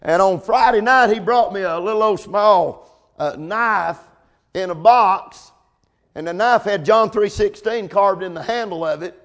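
A man's voice: sits high, measured pace, a bit bright. A man preaching a sermon, calling out amen and come on now between points.

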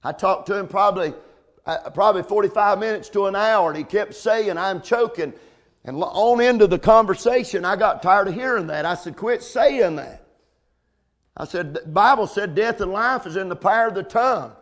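A man's voice: sits high, brisk, fairly bright tone. A man preaching a sermon, calling out amen and come on now between points.

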